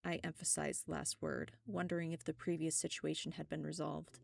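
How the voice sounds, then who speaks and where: Gravelly woman narrating a story. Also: sits low, level tone, fairly quick, no echo, clean studio sound. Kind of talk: first-person narration of a web serial.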